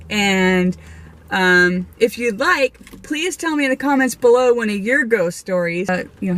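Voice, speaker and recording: A woman vlogger and medium telling her ghost stories in a casual, animated way, laughing often and restarting her sentences. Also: medium pitch. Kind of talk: casual storytelling to camera.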